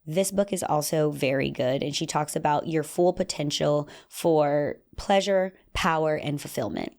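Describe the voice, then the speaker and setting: A young adult woman with a lower-pitched voice hosts a solo podcast episode at an unhurried pace. Her delivery is casual and lively, and she occasionally puts on playful voices to act out small scenes.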